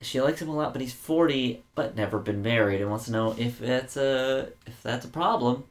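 A man's voice: medium pitch, normal speed. A man co-hosting a casual podcast, joking around and rambling with lots of fillers and restarts. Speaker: podcast co-host.

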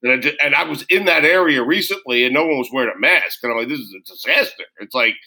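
A man hosting a sports talk show, brisk and steering the segment with quick questions. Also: medium pitch, pushed and bright, poor audio. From United States. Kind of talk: casual chat.

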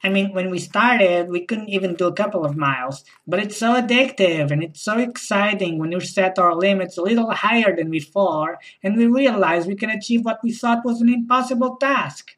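A woman's voice: mid-range voice, moderate pace, hardly any pauses, low-quality recording. Eager woman talking in buzzwords. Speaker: sketch actor playing a corporate-speak wife. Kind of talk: comedy sketch acting.

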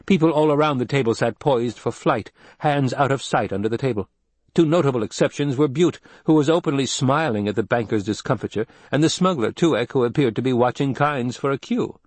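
A man narrating a novel in a measured, even storytelling voice. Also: medium pitch, no room sound. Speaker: audiobook narrator. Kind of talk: scripted narration.

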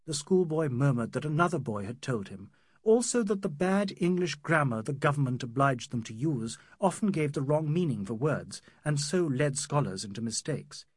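A man narrating a classic novel as an audiobook in a measured, wry manner. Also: fairly high pitch, animated, breathy edge, no echo, clean studio sound.

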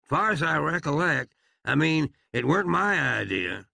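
A man voicing Phineas, an eager, not very bright young outlaw son with a folksy drawl. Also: fairly high pitch, sing-song, unhurried, creaky, no room sound, voice pushed up, full character voice. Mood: proud.

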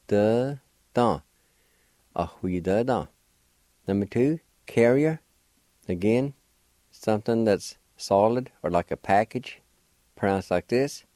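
Man, radio language lesson, slow and patient, low mellow voice, dry studio sound. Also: lively intonation, no room sound. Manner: patient, spells letters and repeats words slowly. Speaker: language teacher and radio host.

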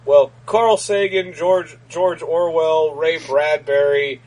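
A man's voice: a little high, steady tone, slow pace, darkish tone, low-quality recording. A man co-hosting a podcast, rambling through jokes with many fillers and frequent laughter. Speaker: podcast co-host. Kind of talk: casual comedic banter.

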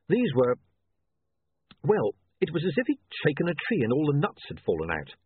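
A man narrating a story in a dry, measured way. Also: lowish voice, breathy edge, no echo. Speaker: audiobook narrator. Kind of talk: scripted narration. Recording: tinny phone-like, dry.

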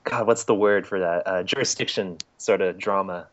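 Low-voiced man on a muffled call. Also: normal speed. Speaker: podcast co-host. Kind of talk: casual chat over a call. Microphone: internet voice call.

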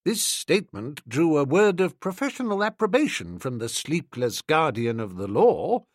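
Male audiobook narrator, wry and playful, slightly high voice, dry close mic. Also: very animated, moderate pace, hardly any pauses, dry recording. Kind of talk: scripted first-person narration of a comic novel.

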